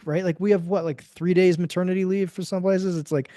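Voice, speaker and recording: A man's voice: high-pitched, steady tone, moderate pace, few pauses, warm tone, dry recording, clean studio sound. A man speaking as a podcast guest, talking emphatically, acting out quoted voices and swearing casually. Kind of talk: conversational interview.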